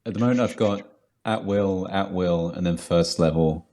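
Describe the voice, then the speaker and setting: Very deep-voiced man, casual player who keeps laughing. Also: moderate pace, darkish tone. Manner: laughs often, chatty. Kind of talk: casual tabletop play.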